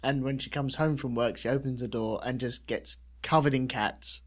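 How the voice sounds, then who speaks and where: A man's voice: medium pitch, steady tone, normal speed. A man co-hosting a casual podcast chat, rambling and joking. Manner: chatty, jokey, rambling. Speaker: podcast co-host.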